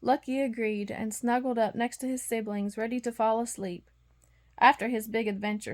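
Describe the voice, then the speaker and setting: A woman reading a bedtime storybook aloud, expressive and acting out the sound effects. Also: a little high, normal speed. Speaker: storybook reader.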